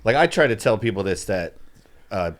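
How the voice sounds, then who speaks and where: A man's voice: fairly low pitch, animated, normal speed. A man co-hosting a comedy podcast, chatting in an easygoing way and calling people dude. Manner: easygoing, says dude a lot. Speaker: podcast co-host. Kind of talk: casual comedy chat.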